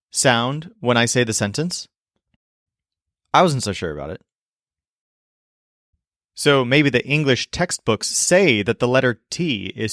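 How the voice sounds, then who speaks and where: A man teaching in a language lesson video, explaining clearly and modeling sounds slowly. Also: mid-range voice, big pitch swings, a bit bright, no room sound, clean studio sound. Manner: clear, demonstrative, slows to model pronunciation.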